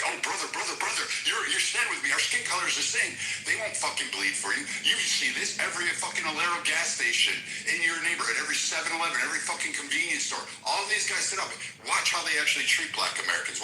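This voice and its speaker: A man's voice: mid-range voice, bright, forceful tone, reverberant, poor audio. Man in an angry, swearing rant. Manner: aggressive, mocking, heavy swearing. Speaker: debate participant. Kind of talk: profane heated rant.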